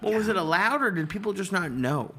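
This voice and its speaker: A man's voice: high-pitched, animated, fairly quick, a bit bright, husky. A man hosting a podcast, asking curious, amused questions. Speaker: podcast host. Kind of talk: casual interview questions.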